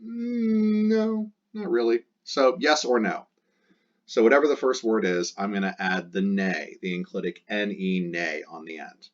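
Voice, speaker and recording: A man teaching a Latin lesson in a casual, joking way, drawing out the Latin words slowly as he walks through exercises. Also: deep voice. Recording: dull lo-fi sound.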